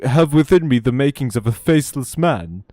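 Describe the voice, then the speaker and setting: A man's voice: mid-range voice, lively intonation, normal speed, darkish tone, dry recording, studio quality, voice pushed up, natural voice. A man putting on a dim, simpering young English lord with an earnest, foppish manner.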